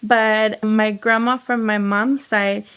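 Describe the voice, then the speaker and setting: A young woman from Texas telling a story in casual chat, animated and quoting people, with lots of "like". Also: fairly high pitch, slow, smooth. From United States. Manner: animated, lots of "like" and quoted dialogue. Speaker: guest, home baker and business owner.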